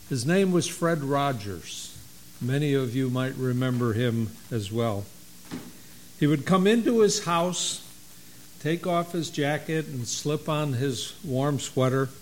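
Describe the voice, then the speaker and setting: A middle-aged man who is a pastor, preaching a sermon in a slow, folksy storytelling way. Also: medium pitch, low-quality recording.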